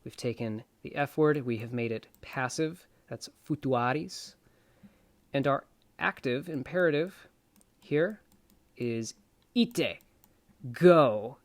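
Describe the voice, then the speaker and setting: A man giving a casual, playful lesson, repeating words slowly to show how they sound. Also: mid-range voice, dry recording. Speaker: self-taught Latin presenter.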